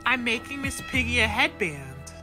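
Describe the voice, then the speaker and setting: A woman's voice: a little high, sing-song, normal speed, music in the background. A woman voicing a naive, dim male toy contestant in a toy reality-show role-play, earnest and worried.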